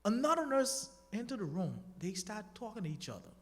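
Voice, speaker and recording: A man's voice: high voice, a little fast. A man from the Bahamas, telling his testimony to a church congregation and urging them to pray. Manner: animated, preachy exhortation to the congregation. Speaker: guest speaker giving a testimony. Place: church sanctuary. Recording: long church-hall reverb.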